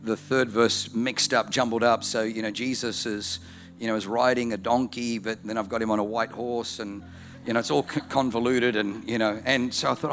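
A man's voice: mid-range voice, steady tone, moderate pace, a bit bright, soft background music. A man preaching a sermon, telling a story and building to rhythmic repetition.

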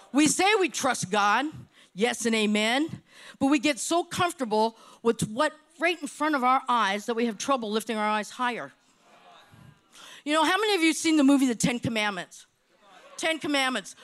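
A woman's voice: high voice, a bit bright. A middle-aged woman preaching a sermon with passion, repeating phrases for emphasis.

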